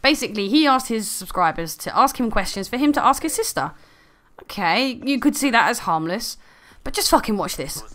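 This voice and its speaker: A woman's voice: fairly high pitch, very animated, brisk, a bit bright. A woman ranting in an angry, sarcastic commentary video full of swearing.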